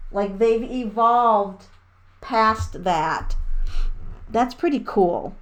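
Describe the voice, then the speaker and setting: A woman giving a casual tarot reading to her viewers, excitable and rambling, with laughs and the odd swear. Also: mid-range voice. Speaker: tarot reader.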